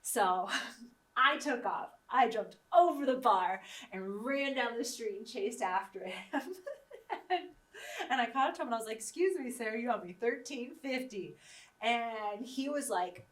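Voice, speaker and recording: A woman hosts her own show, interviewing herself and casually telling anecdotes while laughing often. Her voice is a little high, a bit bright, and a little slow, recorded from a distance in an echoey room slightly off-mic.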